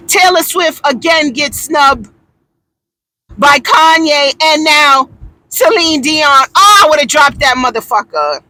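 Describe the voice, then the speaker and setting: A woman giving a loud, theatrical, profane comedic rant, indignant and often yelling. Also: high-pitched, expressive, slow pace, dry recording. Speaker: vlogger.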